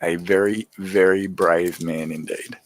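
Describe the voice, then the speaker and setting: A man's voice: low voice, fairly even intonation, a little slow, low-quality recording. A man with an Australian accent hosting a casual livestream, chatting easily and answering viewer comments as he goes. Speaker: livestream host.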